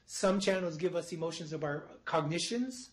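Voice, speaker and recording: Higher-voiced man giving a lecture. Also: normal speed, low-quality recording. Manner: explanatory, restarts phrases, demonstrates gestures. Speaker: psychology professor. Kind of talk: live lecture to a studio audience. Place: university studio before an audience.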